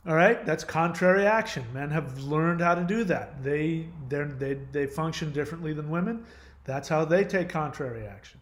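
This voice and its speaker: Man from the states, middle-aged, a bit high-pitched, rambling, blunt, swears freely, casual monologue. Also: moderate pace. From United States. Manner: rambling, blunt, profane, self-deprecating. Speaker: host.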